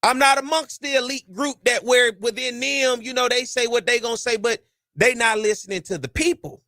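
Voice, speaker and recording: A man's voice: extremely high pitch, normal speed, dry recording, clean studio sound. A man hosting a sports talk podcast, talking casually and with fire, in folksy slang. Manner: animated, preachy, folksy slang. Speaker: podcast host.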